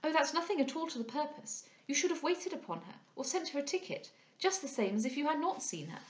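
A breezy, dismissive young lady of fashion from a period storybook, as a woman reading puts her on. Her voice sits high and light, brushing aside objections. A roomy echo hangs around the reading. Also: very animated, quick pace.

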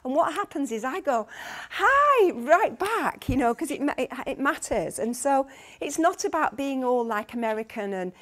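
A middle-aged Englishwoman with a Lancashire accent, speaking as a guest at a professional masterclass. Her voice sits a little high for a woman. She tells stories with earnest energy, often breaking off mid-word and starting again. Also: a little fast, few pauses. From Lancashire, England. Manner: earnest, lively storytelling with many restarts. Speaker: guest speaker, consultant midwife. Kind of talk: conference talk.

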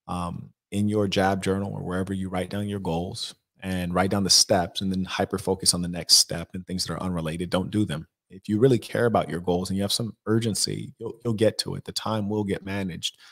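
A man hosting an advice livestream, giving blunt, measured answers to viewers' questions. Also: low voice, gravelly. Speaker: life coach host.

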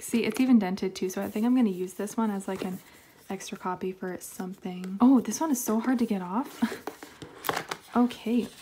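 A woman's voice: medium pitch, slight background noise. Chatty young woman unboxing albums. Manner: excitable, chatty, frequent laughs and fillers. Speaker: K-pop album haul vlogger. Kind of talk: casual unboxing chat.

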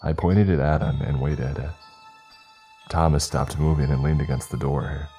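A man narrating a scripted horror story in a steady, measured reading. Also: extremely low pitch. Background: faint music.

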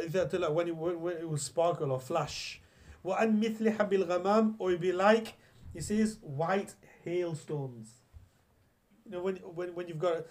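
His voice sits a little high and sounds slightly mellow. A young Islamic teacher from England, he tells hadith stories to his class in a chatty style, with frequent restarts and Arabic recitation.

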